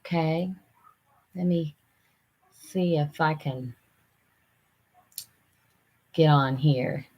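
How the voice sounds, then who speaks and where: An older woman, chatting casually on a live stream, rambling and halting with lots of fillers. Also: sits low, dull audio. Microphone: computer camera mic.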